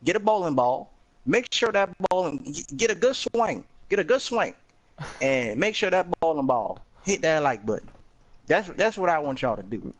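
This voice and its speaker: A man's voice: a little high, sing-song, normal speed. A man guesting on a gaming podcast, joking around and repeating phrases as he signs off. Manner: playful, repeats phrases, hammy sign-off. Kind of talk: casual podcast chat.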